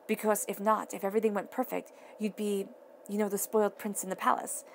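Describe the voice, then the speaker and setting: Earnest woman tarot reader, gravelly fry. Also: mid-range voice, flat delivery, a little fast, a little hiss or hum. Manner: earnest, repeats and restates phrases; emphatic, talks straight to the listener. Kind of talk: casual tarot reading to camera.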